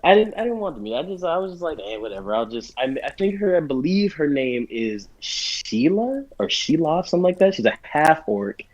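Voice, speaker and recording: Excited guy rambling on a podcast, lots of likes, dull lo-fi bedroom audio. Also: a little high, fairly quick, few pauses. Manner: excitable, rambling storyteller with many fillers. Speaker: podcast co-host and game master. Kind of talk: casual podcast chat. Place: bedroom or basement at home. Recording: lo-fi home recording.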